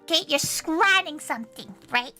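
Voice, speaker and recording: A woman's voice: high-pitched, lively intonation, moderate pace, sharp tone, faint music behind. A woman hosting a casual chat stream, giggling often and speaking of herself in the third person. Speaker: vtuber host.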